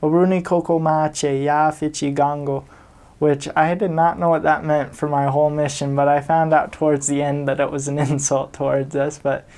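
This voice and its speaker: A man's voice: fairly high pitch, level tone, brisk, hardly any pauses, darkish tone. A young man from the United States, a returned missionary, casually telling stories with chuckles and fillers. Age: young adult. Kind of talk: casual storytelling.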